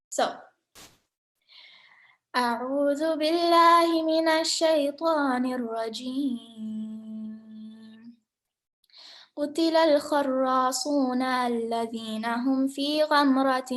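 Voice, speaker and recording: A woman's voice: a little high, a bit bright, echoey room. A woman teaching a Quran recitation class over a video call, chatty and full of filler words. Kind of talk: casual online class teaching.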